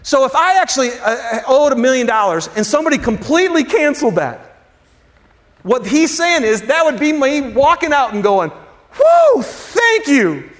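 Animated high-voiced man preaching. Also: normal speed. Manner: conversational, asks the congregation questions; slangy and animated, with sudden drops to a hush. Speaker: pastor. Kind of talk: sermon.

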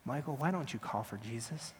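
A man voicing a tender, soothing male figure named Mercy, speaking softly and gently. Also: expressive, brisk, in a large hall, slight background noise, lightly acted. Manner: soft, gentle, low.

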